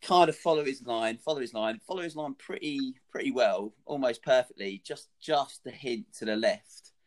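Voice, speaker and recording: A young man telling a funny anecdote in a casual, animated, sweary way, laughing along as he goes. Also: medium pitch, moderate pace.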